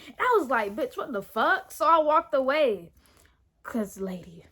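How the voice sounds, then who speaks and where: A teenage girl with a high, bright voice tells a school story straight to the camera. She is animated and indignant, acting out each line of the argument in her retelling. The delivery is loose and casual, full of quoted back-and-forth. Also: moderate pace. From Florida, US. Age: teens. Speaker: vlogger telling a story.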